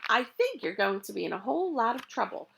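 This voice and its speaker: A woman reading aloud and voicing a jolly male truck driver who bursts into high laughter. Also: very animated, fairly quick, gravelly. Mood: warning.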